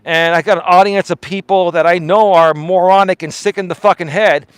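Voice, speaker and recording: A man putting on the voice of a smug, cynical male streamer with a sneering, offhand delivery, pitched lower than his own. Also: steady tone, a little fast, clear, resonant tone, dry recording, natural voice.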